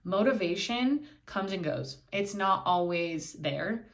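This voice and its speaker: A woman's voice: medium pitch, animated, slow. A young woman hosting a solo podcast, talking candidly and bluntly, swearing freely and acting out quoted voices, filming herself indoors. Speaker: podcast host.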